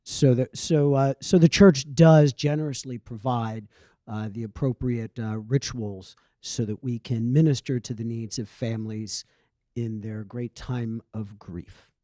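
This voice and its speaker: A priest speaks in a mellow, dry-sounding voice. He answers in a measured, formal way, pausing with hesitant uhs. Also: medium pitch, steady tone, no echo.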